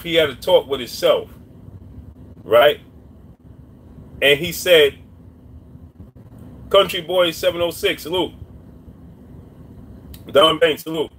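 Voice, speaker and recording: A man doing boxing commentary on a live stream, talking casually and repeating his points while shouting out viewers' names. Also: fairly high pitch, breathy edge. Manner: repetitive, shouts out chat names.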